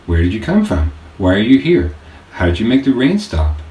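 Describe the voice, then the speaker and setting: A man voicing a cheerful, curious little orphan girl who chatters excitedly, in an audiobook. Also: on the low side, normal speed, recorded from a distance. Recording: echoey room, faint hiss.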